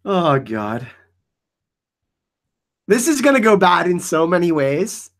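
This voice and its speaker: A man hosting a casual live Q&A stream, reading the chat; excitable, laughing often and saying "like" a lot. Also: high voice, slow pace, long pauses. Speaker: livestream host answering chat.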